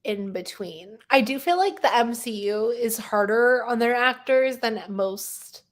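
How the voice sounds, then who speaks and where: Her voice fairly high and animated, a young podcast co-host keeps a measured pace as she chats casually, laughing often and using lots of fillers.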